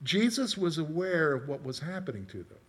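A man's voice: fairly high pitch, big pitch swings, fairly quick, husky. A middle-aged man preaching a conversational sermon, asking his congregation questions and telling personal stories. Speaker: pastor.

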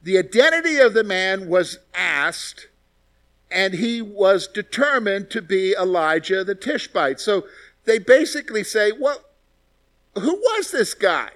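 A man teaching through a Bible passage in a conversational way, acting out the quoted lines with lively voice shifts. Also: sits high, unhurried.

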